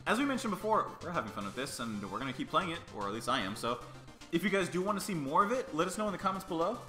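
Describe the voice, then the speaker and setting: A young man hosting a casual co-op let's play, excitable and full of playful trash talk. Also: on the high side, racing. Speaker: gaming channel host. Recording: echoey room with game music.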